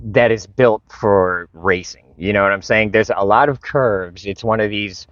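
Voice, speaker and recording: Brief: low-voiced man, frustrated and profane casual storyteller, dry muffled lo-fi recording. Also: a little slow, fairly bright tone, no echo. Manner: frustrated, profane, retells conversations. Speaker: vlogger. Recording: dull lo-fi recording.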